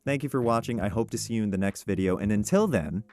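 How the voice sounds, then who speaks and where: A man's voice: on the low side, animated, quick pace, loud music behind the voice. A voice actor, a man, giving upbeat and encouraging career tips in a casual, conversational way. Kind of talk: casual advice vlog.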